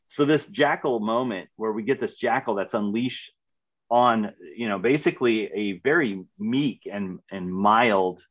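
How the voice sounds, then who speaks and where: A man's voice: fairly low pitch, measured pace, fairly bright tone. Enthusiastic man co-hosting a podcast. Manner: enthusiastic, repeats words when starting. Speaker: podcast co-host. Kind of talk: casual chat reviewing a TV series.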